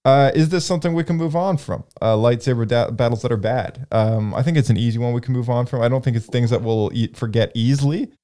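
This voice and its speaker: A man hosting a casual group conversation, relaxed and halting, full of fillers and restarts. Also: medium pitch. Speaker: podcast host.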